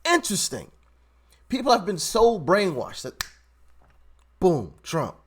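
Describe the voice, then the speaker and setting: A man giving casual, animated commentary on video clips, often repeating himself and laughing. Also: high voice, slow pace, slightly rough.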